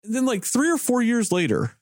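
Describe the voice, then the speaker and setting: A man telling stories in casual podcast chat, animated and swearing, quoting people in a raised voice. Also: very high-pitched, brisk, no echo, clean studio sound. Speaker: podcast co-host.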